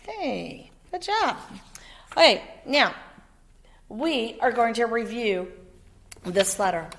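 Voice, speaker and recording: A woman teaching a second-grade phonics lesson, sounding out letters slowly and clearly and encouraging her pupil. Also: medium pitch. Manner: slow, patient, over-articulates letter sounds; encouraging, checks in with "okay?".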